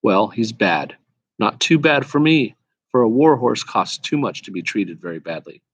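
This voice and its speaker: A man voicing a proud male talking war horse who lectures in a brisk, faintly scornful way, in a storybook read-aloud. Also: fairly low pitch, very animated, highs cut off. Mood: earnest.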